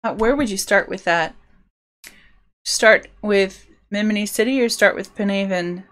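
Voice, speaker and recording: A woman's voice: mid-range voice, measured pace, a bit bright. A woman live-streaming as she builds a tabletop game world, musing aloud in a rambling, self-interrupting way. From United Kingdom. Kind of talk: casual thinking-aloud livestream.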